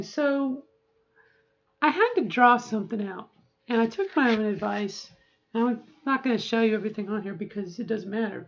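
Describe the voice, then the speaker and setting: A middle-aged woman speaks in a candid, chatty way, restarting her sentences as she goes. Her voice sits a little high. The sound is dull and lo-fi, as in a home video diary. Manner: chatty, candid, self-interrupting. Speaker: vlogger.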